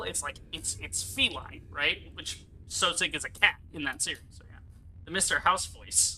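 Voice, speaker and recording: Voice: mid-range voice, normal speed, pushed and bright, poor audio. A gaming streamer giving casual live commentary, rambling, swearing freely and laughing often.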